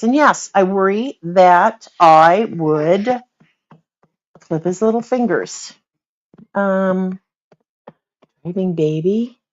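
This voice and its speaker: An older woman hosts a relaxed livestream, chatting loosely with viewers and laughing often. Her voice swoops up and down, and the audio is muffled and lo-fi. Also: medium pitch. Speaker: author hosting a livestream. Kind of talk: casual livestream chat.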